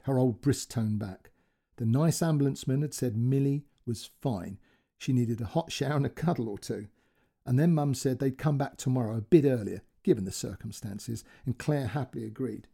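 Gravelly, dark-voiced male storyteller. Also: mid-range voice, normal speed. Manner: expressive, emotional reading. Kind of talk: scripted narration of a short story.

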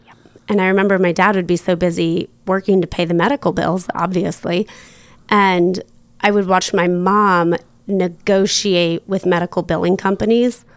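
A woman guest in a casual interview, chatty and quick to laugh, full of fillers. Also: lowish voice, fairly even intonation, dry recording. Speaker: podcast guest.

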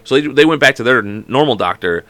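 A man co-hosting a casual sports podcast who tells stories rapidly and swears freely. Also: mid-range voice, animated, a bit bright, no echo. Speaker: podcast co-host.

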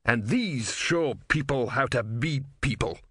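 A man voicing an eccentric, cheerful old male philosopher with a high, lively, chuckling voice. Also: measured pace, breathy edge, dry recording, studio quality. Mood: indignant.

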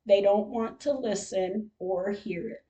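An older woman tells her own story slowly and carefully, reading it like diary entries. Her voice is mellow and soft-edged, with a warm, unhurried delivery that carries feeling beneath it. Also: medium pitch, rough recording. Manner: slow, measured storytelling with emotional moments. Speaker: podcast host. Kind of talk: reading a personal diary-style account.

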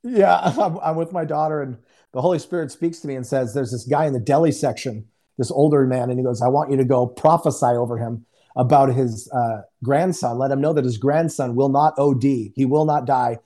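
A man, a guest minister on a video call, telling a testimony in a lively, joking way and acting out the quotes. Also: medium pitch, brisk. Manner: animated, joking, acts out quotes. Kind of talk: casual storytelling testimony. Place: home in Houston. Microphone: remote video call.

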